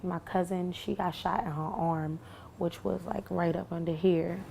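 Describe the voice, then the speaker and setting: A young woman recounting what she lived through, halting with many fillers and restarts. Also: lowish voice, fairly even intonation, creaky, background noise. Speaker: shooting survivor. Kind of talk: recounting testimony to camera.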